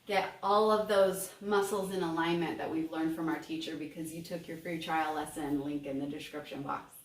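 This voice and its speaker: A woman's voice: deep voice, steady tone, normal speed, recorded from a distance. Upbeat woman teaching voice, roomy sound. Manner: upbeat and encouraging, sings examples. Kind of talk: voice lesson. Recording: roomy, mic set back, faint ambience.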